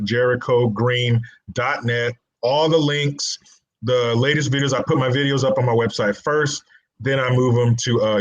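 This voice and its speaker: A man appears as a guest on a casual online panel, with a voice of ordinary pitch. He cracks blunt jokes in a deadpan way. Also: muffled recording.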